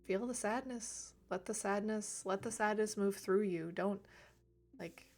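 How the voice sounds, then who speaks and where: A woman speaking gently and reflectively on a livestream about emotions, laughing lightly now and then. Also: mid-range voice, a little slow, faint music behind. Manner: soft, reflective, laughs lightly, drops to near whisper at times. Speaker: reiki streamer. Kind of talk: gentle spiritual talk on a livestream.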